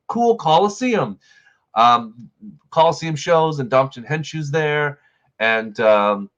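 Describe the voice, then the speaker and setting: A man hosting a movie review chat, retelling the plot in a loose, rambling way. He leans on "like" and "you know" as he strings scenes together. His voice sits at an ordinary middle pitch. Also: a bit bright, muffled recording. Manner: rambling, filler-heavy retelling with lots of "like". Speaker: movie review show host. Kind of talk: casual film recap chat.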